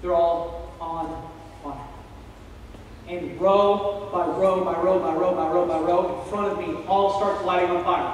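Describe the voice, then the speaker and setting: High-voiced man preaching in an echoey hall. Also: normal speed, slight background noise. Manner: animated, acting out a dramatic story with sound effects. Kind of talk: storytelling sermon. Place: church hall. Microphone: self-recorded camera from across the room. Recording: echoey church hall from far off.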